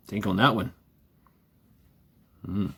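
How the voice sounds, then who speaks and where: A man's voice: sits low, steady tone, very slow, vocal fry, bright, forceful tone, slightly rough. A man vlogging in a sarcastic ranting monologue, repeating himself, swearing freely and firing off rhetorical questions.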